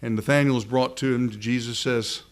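An earnest male preacher giving a sermon before a room full of listeners. He speaks at a middle pitch and leans hard on key phrases. He slows right down when he wants something to land. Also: fairly even intonation. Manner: earnest, emphatic, slows words for stress. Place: room with a live congregation.

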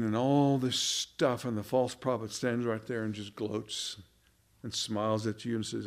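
A man preaching a sermon, earnest, firing rhetorical questions and often repeating words, rising in pitch and volume for emphasis. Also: level tone, a little slow.

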